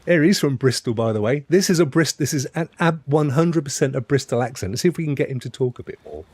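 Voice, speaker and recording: A man's voice: mid-range voice, fast talker, a little mellow, no room sound. A middle-aged man hosting a game stream, chatting and rambling as he plays. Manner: chatty, rambling, self-correcting. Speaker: gaming streamer host. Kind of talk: casual gameplay commentary.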